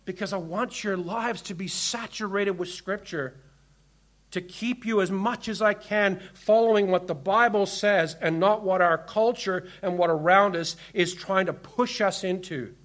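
A man preaching a sermon as pastor, reading scripture aloud and pressing his points with emphasis, swinging between loud commands and hushed asides. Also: high voice, a little slow.

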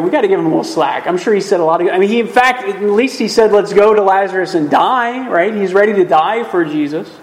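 A man's voice: high voice, low-quality recording. A man teaching through a Bible passage in a video, emphatic and conversational, often checking in with "right?".

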